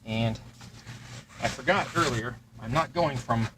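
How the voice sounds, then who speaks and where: A man at a medium pitch, talking a little slowly, hosts a terrain-crafting livestream and casually describes each step of his workbench project as he thinks it through. Background noise is audible.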